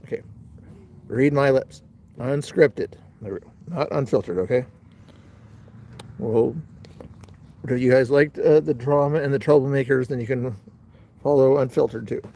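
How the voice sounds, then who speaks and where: Mellow-voiced man chatting with his stream. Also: medium pitch, moderate pace, long pauses, slight background noise. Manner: rambling, talks straight to his chat. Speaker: livestream host. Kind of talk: casual live chat.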